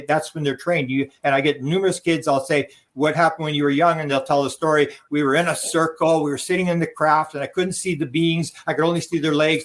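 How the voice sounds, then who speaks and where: A man giving a rambling interview answer as a guest author, acting out quoted dialogue as he tells stories. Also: on the high side. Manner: rambling anecdotal telling, acts out quoted dialogue. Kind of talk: interview storytelling.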